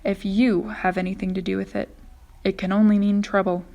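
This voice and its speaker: A woman's voice: mid-range voice, flat delivery, a little fast, gravelly, darkish tone, natural voice. A woman muttering as a gloomy earthworm. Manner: muttering, pessimistic. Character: gloomy grumbling male earthworm.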